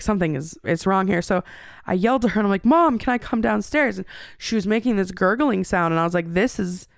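A woman's voice: lowish voice, no room sound, studio quality. A woman in her thirties hosting a podcast, telling a personal story in a candid, rambling way with many fillers and restarts. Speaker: podcast host.

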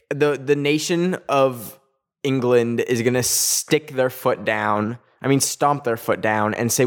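A young man from Canada talks casually on his own podcast. He rambles and mocks himself, drifting off topic all the time. His voice sits at a middle pitch. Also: takes it slowly. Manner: rambling, chatty, self-mocking, easily sidetracked. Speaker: podcast host. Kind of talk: casual solo podcast chat.

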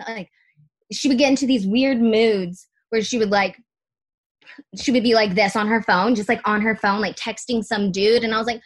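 A woman's voice: a little high, fairly even intonation, normal speed. A young adult woman speaking as a podcast guest in casual, candid chat, full of "like" fillers and the odd swear word.

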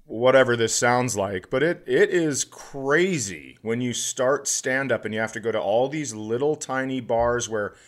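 Telling a story on the podcast he co-hosts, the comedian keeps things casual, starting over again and again and flaring up with excitement. His male voice is mid-range, a bit slow, and rarely pauses.

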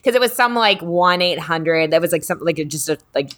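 A woman's voice: on the low side, lively intonation, fairly quick, fairly bright tone. A woman co-hosting a podcast, chatting casually and rambling with many fillers. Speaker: podcast co-host.

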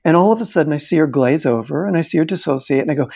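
A man's voice: a little high, quick pace, creaky, few pauses, a little mellow, breathy edge. A middle-aged man, a therapist and interview guest, animatedly telling a case story and acting out the dialogue.

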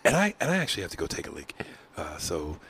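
A man's voice: deep voice, huge pitch swings, fast, vocal fry, a bit bright, a little hiss or hum. A man hosting a comedy podcast, wrapping up in loose, joking banter. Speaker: podcast host. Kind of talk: casual comedy podcast chat.

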